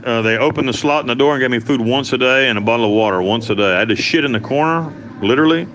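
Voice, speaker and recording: A man's voice: mid-range voice, fast, a bit bright, dull audio, a little hiss or hum. Blunt, profane American man telling his story. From United States. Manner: blunt and profane, rambling with restarts. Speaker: interview guest. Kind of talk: candid storytelling.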